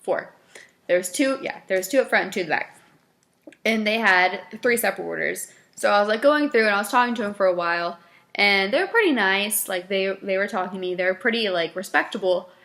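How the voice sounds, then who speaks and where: A woman vlogger telling stories from her fast food job in a casual, animated way, laughing often and acting out her customers. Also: medium pitch. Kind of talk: casual storytelling to camera.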